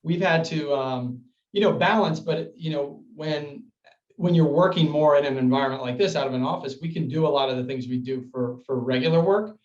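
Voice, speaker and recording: A man's voice: a little high, fairly quick, darkish tone, roomy sound, dull audio. A man who co-owns a business, answering interview questions in a rambling, casual way, full of fillers. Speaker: coworking space co-owner.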